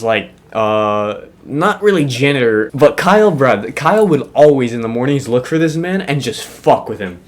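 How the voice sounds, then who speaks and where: A young man casually telling a funny school story, swearing often and laughing as he goes. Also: mid-range voice. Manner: animated, profane, laughs while telling.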